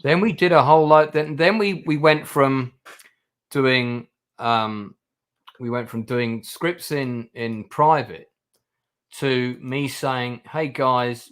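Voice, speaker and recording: Speaking slowly in a mid-range voice, a man hosts a livestream and talks casually with guests. He rambles, with many fillers and restarted sentences.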